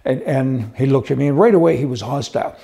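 A man's voice: medium pitch, animated, fast, vocal fry, dark tone. An older man hosting a talk show, rambling through folksy jokes and stories in a casual way, with frequent restarts. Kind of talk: casual joke-telling and commentary.

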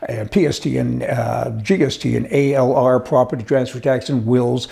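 A man's voice: mid-range voice, fairly even intonation, normal speed, gravelly, dark tone. A man delivering a casual, sarcastic, exasperated monologue with chuckling asides. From Canada. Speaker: commentator.

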